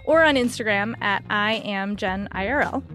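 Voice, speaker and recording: A woman's voice: medium pitch, normal speed, fairly bright tone, soft background music. A woman co-hosting a book podcast, chatting casually and laughing easily. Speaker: podcast co-host.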